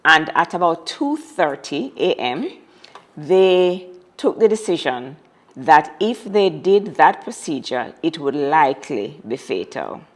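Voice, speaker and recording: A woman's voice: deep voice, sing-song, slow pace. A woman telling a personal story as an interview guest, dramatic and repeating phrases for emphasis.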